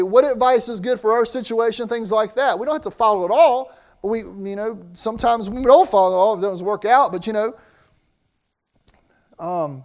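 High-pitched guy preaching, chatty sermon style, restarts a lot. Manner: conversational preaching with restarts and asides.

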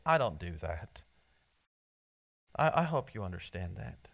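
A man preaching a sermon in church, earnest, often restarting his words and swinging between loud emphasis and soft asides. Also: low voice, big pitch swings, measured pace, vocal fry, long pauses. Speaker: pastor.

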